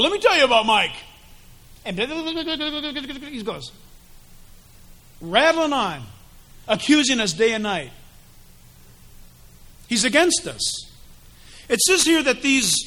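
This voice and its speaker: A man preaching an animated, emphatic sermon with dramatic delivery. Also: very high-pitched.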